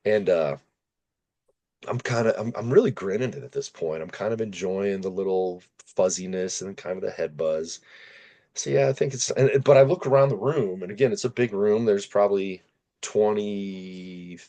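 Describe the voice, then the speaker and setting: Low-voiced man telling a story. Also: normal speed. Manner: animated, self-deprecating storyteller. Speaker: podcast host. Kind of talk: casual storytelling in conversation.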